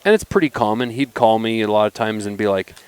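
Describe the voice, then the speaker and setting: A man in his forties with a fairly low-pitched voice, talking easily as a podcast guest. He tells stories with lots of life, slipping into the voices of the people he quotes. The delivery is loose and conversational, with natural restarts. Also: fast, clear, resonant tone. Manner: animated, acts out quoted voices when telling stories. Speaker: knife company founder, podcast guest. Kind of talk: casual storytelling chat.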